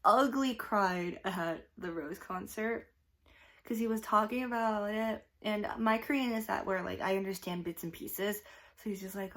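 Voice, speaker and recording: A woman's voice: mid-range voice, moderate pace, a bit bright. A young woman vlogger chatting casually and gushing about a concert, with lots of fillers. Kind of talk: casual chat.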